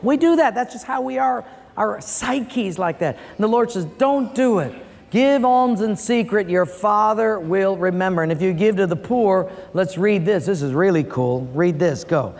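A man's voice: sits high, moderate pace, big-room sound. A man preaching a sermon as pastor, telling stories and acting out voices in a joke. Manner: animated storytelling, acts out voices in a joke.

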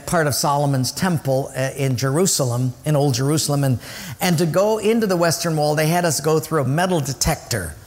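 A man preaching a sermon as pastor, storytelling and acting out the voices of people he quotes. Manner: animated, acts out quoted voices with big pitch jumps. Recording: long hall reverb.

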